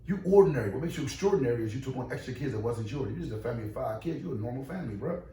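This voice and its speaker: A man who owns and runs a boxing gym, talking casually in a podcast interview, emphatic and animated with many repeated restarts. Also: mid-range voice, very fast. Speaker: boxing gym owner and trainer. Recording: echoey room, distant mic, faint noise.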